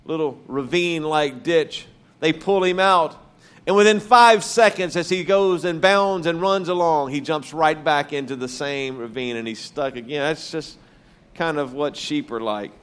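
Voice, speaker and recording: A man preaching a sermon as pastor, emphatic, slowing down to stress key words. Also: fairly high pitch, fairly bright tone, clear, resonant tone.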